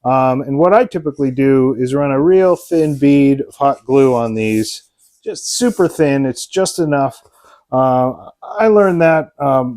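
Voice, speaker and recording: A man's voice: medium pitch, dark tone. A man hosting a hobby vlog, narrating an unboxing in a casual, enthusiastic way with frequent ums and uhs. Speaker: RC model hobbyist and channel host.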